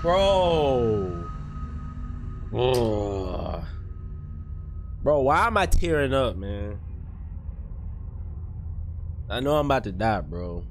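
A young man streaming a horror game, jumpy and excitable, talking in slang to his chat. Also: lowish voice, extremely slow, slight background noise. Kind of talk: live horror gameplay commentary.

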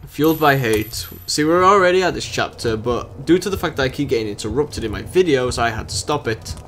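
A man's voice: mid-range voice, animated, fairly quick, a bit bright, slight background noise. A young British man giving rambling, sarcastic let's-play commentary while he plays a game. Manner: rambling, sarcastic running chatter. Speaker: gaming channel host.

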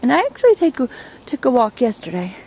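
A woman's voice: on the high side, wildly swooping pitch, fast, dark tone, dull audio, a little hiss or hum. A woman chatting casually to a handheld camera while walking uphill on an outdoor neighborhood trail, a little out of breath and gushing about the views. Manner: chatty, rambling, easily awed. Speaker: vlogger. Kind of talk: casual walk-and-talk vlog. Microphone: handheld camera, at times turned away.

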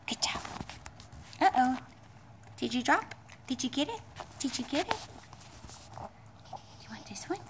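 High sing-song woman cooing at a dog. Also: sing-song, a little slow, pauses often, fairly bright tone. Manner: sing-song baby talk to a pet. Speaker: pet sitter. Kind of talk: talking to a dog while filming. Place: home with a dog.

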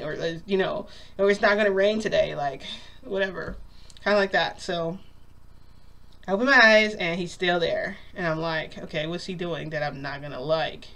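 A woman's voice: on the low side, fairly bright tone. A woman vlogger telling a long story in a casual, rambling way, full of "like" and acted-out quotes. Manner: rambling, lots of "like", acts out quotes.

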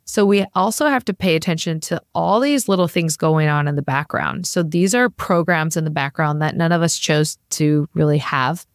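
A woman's voice: low-pitched, normal speed, hardly any pauses, no room sound, clean studio sound. A woman guest and naturopathic practitioner, chatting casually in an interview and telling stories with many "like" fillers.

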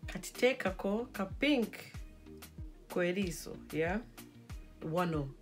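A woman's voice: on the low side, lively intonation, takes it slowly, faint music behind. Giggly young woman doing a makeup tutorial. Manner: giggly, self-mocking, switches between English and Luganda. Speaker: beauty vlogger.

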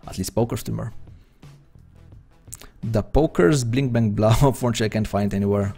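Slovenian guy rambling thru his poker stream, kinda gravelly voice, little music in the back. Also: fairly low pitch, fairly quick, mellow. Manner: rambling, hesitant, chatty. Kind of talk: live-stream commentary while playing.

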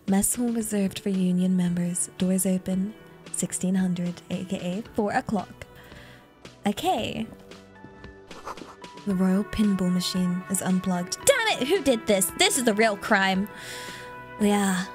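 Playful woman streamer, slow talker. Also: lowish voice, dark tone. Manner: playful, rambling, reads game text aloud. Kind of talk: casual gameplay commentary.

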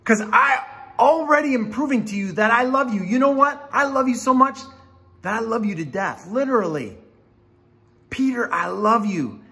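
A man's voice: extremely high pitch, expressive, normal speed, gravelly, pushed and bright, pitched above the performer's own voice, heavily acted. A man voicing Jesus as a grown man, speaking earnestly and emphatically, pleading with love. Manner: earnest, emphatic, rising with feeling.

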